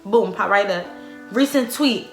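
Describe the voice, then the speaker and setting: A young woman vlogger telling a story in a dramatic, animated, profane storytime style. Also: medium pitch, measured pace, soft background music. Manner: profane, slangy. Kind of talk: casual storytime. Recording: echoey room.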